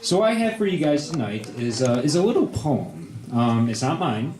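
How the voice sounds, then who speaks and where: A man's voice: medium pitch, big pitch swings, normal speed, darkish tone. A man at an open mic casually reciting a humorous poem with an amused delivery. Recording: echoey cafe room.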